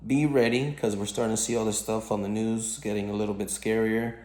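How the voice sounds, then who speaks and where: A man casually recounting a dream in a halting, rambling way, full of fillers and restarts. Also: fairly low pitch, monotone, darkish tone, reverberant.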